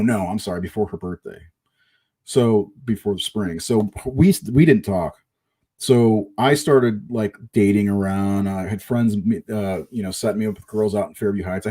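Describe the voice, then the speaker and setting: A man's voice: fairly low pitch, dark tone. A middle-aged man casually telling a long personal story, rambling and swearing, with restarts.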